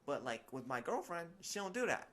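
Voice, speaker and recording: A man's voice: a little high, sing-song, normal speed, fairly bright tone. A young man co-hosting a podcast in casual chat, telling stories with animation and acting out quotes with big jumps in his voice. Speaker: podcast co-host.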